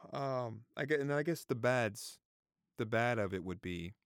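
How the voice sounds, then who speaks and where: Choking up, a thirty-something vlogger speaks directly to his viewers with casual opinions, swearing freely and going over the same points again. His gravelly, middling-pitched voice moves a little slowly, captured close and dry.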